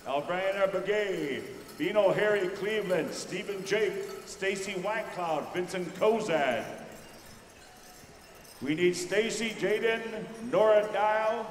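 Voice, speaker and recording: A man working as pow wow announcer, briskly giving instructions to drum groups and judges over a microphone in a large indoor arena. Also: high voice, a little hiss or hum. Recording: echoey arena PA from far off.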